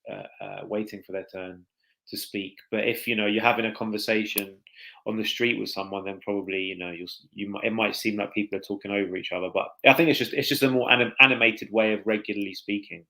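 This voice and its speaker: Male guest consultant, fairly low voice, measured and a little hesitant. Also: steady tone, gravelly, bright, forceful tone, low-quality recording. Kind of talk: casual chat as guest.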